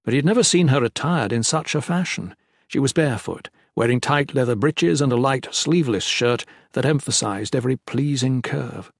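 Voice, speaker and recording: A man narrating an audiobook in a measured, descriptive way. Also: mid-range voice, creaky, no echo, studio quality.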